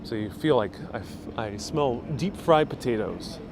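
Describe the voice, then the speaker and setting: A man hosting a live walking tour, talking into a phone as he strolls a busy street. He reads viewer comments aloud and answers them in a relaxed, chatty way, with faint traffic and city noise behind him. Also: mid-range voice, unhurried. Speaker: travel vlogger. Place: outdoors on a busy old-town street. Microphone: phone held while walking.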